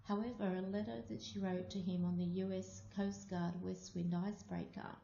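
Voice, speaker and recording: A woman from Australia telling a personal story aloud, slow and deliberate. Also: medium pitch, level tone, vocal fry, dark tone, a little hiss or hum. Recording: muffled, echoey room.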